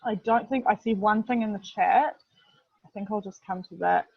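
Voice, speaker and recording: A New Zealand woman heading video production teaches a casual webinar in a mid-range, slightly rough voice with vocal fry, at normal speed. She chats away with plenty of fillers and keeps repeating "literally." The audio is dull, dry, lo-fi video-call sound with no room sound.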